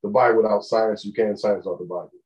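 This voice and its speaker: A man co-hosting a podcast in casual chat, telling stories in a profane, animated way. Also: lowish voice, fast, husky, muffled recording. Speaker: podcast co-host.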